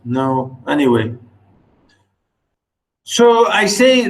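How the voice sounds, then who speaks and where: Man, teacher, poetry lesson, high voice, unhurried, halting, counts syllables. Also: big pitch swings, rough recording. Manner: halting, chants stress patterns syllable by syllable; many fillers and restarts while explaining.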